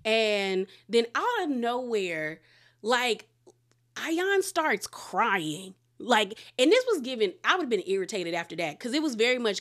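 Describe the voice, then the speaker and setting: A woman's voice: mid-range voice, animated, moderate pace, fairly bright tone. A woman casually retelling a reality show fight, acting out quotes from the cast. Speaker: reality TV recap host. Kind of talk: casual chat.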